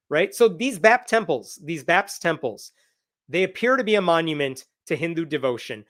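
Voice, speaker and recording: Indignant man with a higher voice. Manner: indignant, emphatic, sarcastic. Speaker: commentator. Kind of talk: commentary reading from a lawsuit.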